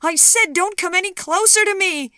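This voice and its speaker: A woman narrator voicing a terrified young woman in an audiobook, crying out in a high, shaking, panicked voice. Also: moderate pace, bright, forceful tone, no room sound, clean studio sound. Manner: high, shrill, panicked cries. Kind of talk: audiobook dialogue.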